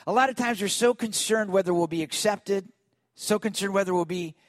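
A man with a notably high-pitched voice delivers a lively storytelling sermon, calling on the congregation to join in. His voice sounds close and dry. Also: brisk, no room sound. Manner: lively, calls on the congregation to respond. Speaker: pastor.

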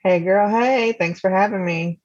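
A woman's voice: mid-range voice, measured pace, a little mellow, no room sound. A young woman guest on a podcast, talking casually and easygoingly over a video call. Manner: easygoing, reads a summary aloud. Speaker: guest, host's younger sister. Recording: slightly muffled video call audio.

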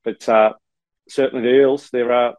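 A man's voice: mid-range voice, steady tone, moderate pace, darkish tone, no echo, rough recording. An Australian man and former player co-hosting a casual sports podcast from a hotel room, rambling and dropping "mate" often. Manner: rambling, many fillers and restarts, says mate often.

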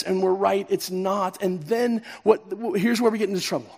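A middle-aged male pastor preaching a sermon, swinging from emphatic peaks down to soft, quiet passages. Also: high-pitched, steady tone, normal speed, gravelly, few pauses. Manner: impassioned, rising to emphatic peaks then dropping soft. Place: church sanctuary.

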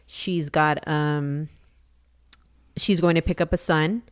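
Smooth-voiced woman chatting casually. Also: low-pitched, fairly even intonation, slow. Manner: candid, chatty storyteller with many fillers. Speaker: podcast co-host. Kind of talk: casual chat.

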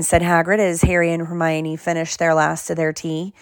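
Low-voiced woman reading a storybook. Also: moderate pace, vocal fry, hardly any pauses, dry recording, clean studio sound. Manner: steady storytelling read. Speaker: audiobook narrator. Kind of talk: scripted narration.

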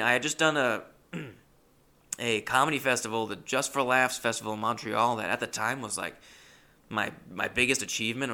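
Young male comedian, gravelly and bright, rambling self-deprecating storyteller. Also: mid-range voice. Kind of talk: comic storytelling.

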